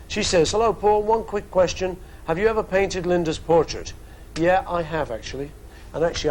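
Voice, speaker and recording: A man's voice: on the high side, a little hiss or hum, low-quality recording. A man in his fifties with a Liverpool accent answers fan questions in a casual studio webcast, chatty and joking with wandering asides. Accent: Liverpool English. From England. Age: 50s.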